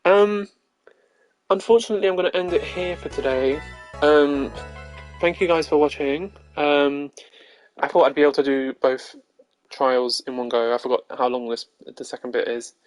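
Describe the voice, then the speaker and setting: A hoarse male streamer chatting casually, laughing now and then as he talks. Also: fairly high pitch, steady tone, moderate pace, faint music behind. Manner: chatty, laughs between sentences. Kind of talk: casual gaming stream chat.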